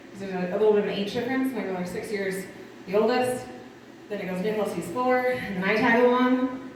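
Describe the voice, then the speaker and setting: A woman in her thirties from Connecticut doing a rambling stand-up set with dark humor and lots of asides. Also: medium pitch, a little hiss or hum. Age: 30s. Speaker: stand-up comic. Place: small live performance venue. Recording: distant echoey room mic.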